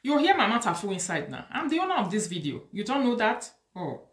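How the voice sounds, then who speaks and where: Speaking in a sing-song, slightly fast voice of medium pitch, a woman with a Nigerian Pidgin accent delivers preachy social media commentary. She scolds and lectures, blending Pidgin with what sound like Yoruba phrases, and the room is echoey.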